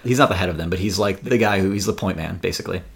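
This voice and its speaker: A man's voice: low voice, rapid-fire, creaky, a bit bright. A man hosting a podcast, telling a story in a loose, jokey way with lots of filler words. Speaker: podcast host. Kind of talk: casual storytelling chat.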